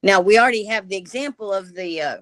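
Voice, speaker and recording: Over remote call audio, a woman guest on a radio interview delivers impassioned political commentary packed with emphatic rhetorical questions. Her mid-range voice is quick and fairly bright, and the recording is dry.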